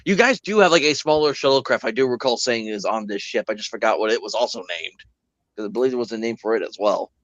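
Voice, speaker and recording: A man's voice: mid-range voice, fast talker, a bit bright, no room sound. A man running a tabletop role-playing game, rambling and laughing often, on a dull lo-fi recording. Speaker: game master. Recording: dull lo-fi dry sound.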